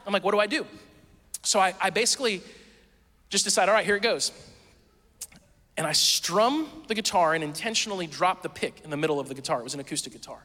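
A man preaching a sermon, telling a story in a casual, self-mocking and animated way. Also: high voice, long reverb tail. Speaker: pastor.

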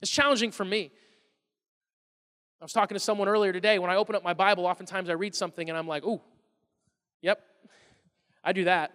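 A man's voice: high voice, fairly even intonation, fast talker, long pauses, a bit bright, smooth. A middle-aged man preaching a sermon as a pastor, conversational and then building to emphatic bursts. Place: church hall. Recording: live sermon with long hall reverb.

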